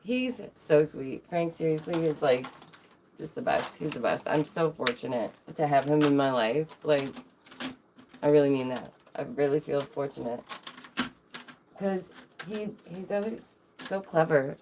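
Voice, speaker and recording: A woman's voice: low voice, expressive, normal speed, background noise. A woman streaming live, chatting casually to her viewers in a rambling way, with lots of fillers and restarts.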